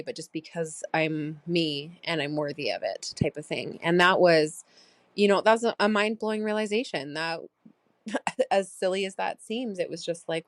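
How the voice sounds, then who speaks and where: Speaking with a lowish voice on a dry recording, a thirtysomething woman hosts a diary-style personal podcast. She muses and wanders in her talk, leaning on many filler words.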